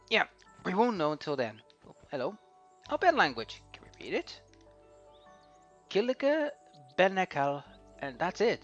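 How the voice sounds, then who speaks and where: A man casually narrating his own playthrough, reacting out loud to whatever happens on screen. His pitch swings up and down a lot, and faint music plays underneath. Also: muffled recording. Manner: chatty, reacting to the game as he plays. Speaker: let's play host. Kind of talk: casual gameplay commentary.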